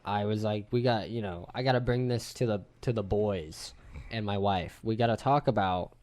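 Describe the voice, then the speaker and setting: A man in his thirties hosting a podcast, telling a story to friends in an animated, casual way and swearing freely. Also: on the low side, moderate pace. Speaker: podcast host. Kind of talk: casual group chat.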